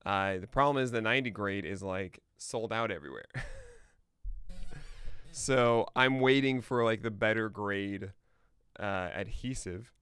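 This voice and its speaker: A man's voice: on the low side, measured pace, fairly bright tone, smooth, dry recording. A man hosting a podcast livestream, chatting casually and thinking aloud with mumbled asides while he checks notes. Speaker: podcast host. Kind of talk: casual livestream chat before a show.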